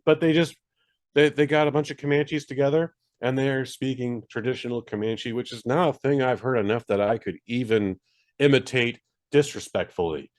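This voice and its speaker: A man's voice: mid-range voice, normal speed. A man co-hosting a podcast, reviewing a movie in casual, rambling chat with many fillers and jokes at his own expense. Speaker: podcast co-host.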